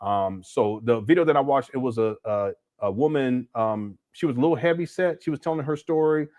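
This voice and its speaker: A man's voice: mid-range voice, a little fast, no room sound, phone-quality sound. A man hosting a livestream, giving blunt, critical commentary and answering viewer chats, often restarting his sentences. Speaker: host.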